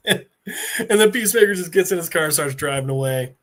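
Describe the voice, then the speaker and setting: A man on a podcast telling an episode scene by scene, his pitch swinging up and down as he slips into voices for each character. He talks casually, swears freely and breaks into laughter. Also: normal speed. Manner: animated storytelling with put-on character voices. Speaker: podcast host.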